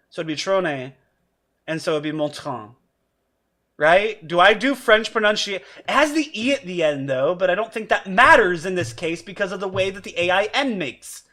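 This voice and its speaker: Male streamer, high bright voice, chatty and rambling. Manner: chatty, rambling, laughs often. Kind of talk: casual gameplay commentary.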